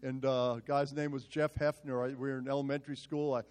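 A male pastor telling a story in a sermon, animated and self-mocking. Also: mid-range voice, a little fast.

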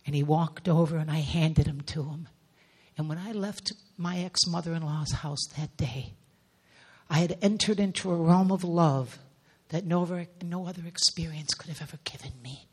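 A middle-aged woman preaches with a husky, breathy voice. She tells a personal testimony with real intensity. Her voice often sinks to soft, hushed near-whispers. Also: sits low, moderate pace. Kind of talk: emotional sermon testimony.

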